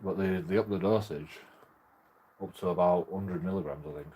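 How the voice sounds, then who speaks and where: A man's voice: sits low, fairly even intonation, normal speed, dark tone, a little hiss or hum. A young man rambling casually to his camera, laughing through his words. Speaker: auditor vlogger.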